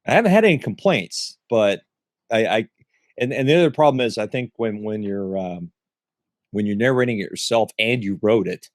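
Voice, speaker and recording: A man hosting a podcast who talks in a halting, thinking-aloud way, filling his pauses with fillers. His voice is fairly low, and it comes across dry and close to the mic. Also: animated, no echo. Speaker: podcast host. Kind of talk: casual podcast chat.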